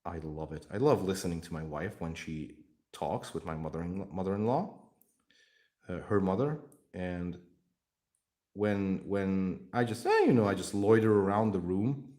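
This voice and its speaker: Casual streamer, male, deep voice, lively pitch swings, jokey and foul-mouthed. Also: moderate pace. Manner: rambling, swears freely, jokey. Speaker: streamer painting miniatures. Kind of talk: casual live-stream chat.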